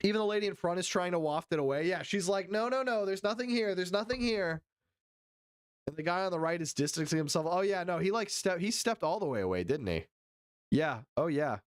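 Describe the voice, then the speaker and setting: A fast-talking livestream host with a medium-pitched voice and lively intonation scrubs through a video, reading chat and delivering crude, profane, mocking play-by-play. Silly put-on quote voices come up often.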